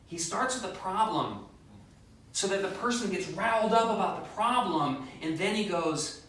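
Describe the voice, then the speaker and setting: A male pastor gives a lively, conversational sermon, acting out the voices of people he quotes and slipping in light jokes. His voice is bright and a little high. He sounds set back from the microphone in a strongly echoing church sanctuary. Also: brisk, a little hiss or hum. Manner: animated, acts out quotes, joking asides. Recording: very echoey, distant mic.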